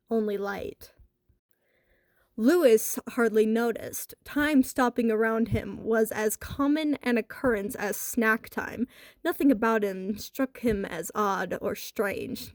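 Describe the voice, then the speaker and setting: A woman narrating a horror story in a lively, expressive way with a wry edge. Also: a little high, no room sound, clean studio sound.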